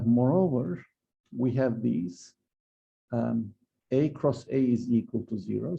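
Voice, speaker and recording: Male physics lecturer, gravelly and very dark tone, hesitant delivery, muffled lo-fi recording. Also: medium pitch. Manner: hesitant, many fillers and restarts. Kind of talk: university lecture.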